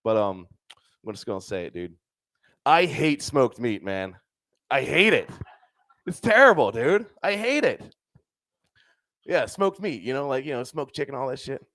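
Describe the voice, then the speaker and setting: A man's voice: medium pitch, very animated, a little slow, long pauses, a bit bright, dry recording, clean studio sound. A young man doing a stand-up comedy set on a club stage into a handheld mic, loose and crude, packing his lines with "dude" and "right?".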